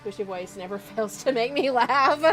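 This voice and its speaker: Lively giggly woman streamer. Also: fairly high pitch. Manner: giggly, self-mocking, reacting to chat. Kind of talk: casual game-stream chat. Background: game music.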